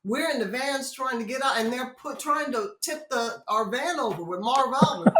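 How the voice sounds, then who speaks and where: A woman guest in a casual interview, telling stories in an animated way, often laughing. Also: high voice, normal speed, few pauses, echoey room, very noisy. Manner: animated storyteller who laughs often and does voices. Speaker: guest, former basketball player and commentator.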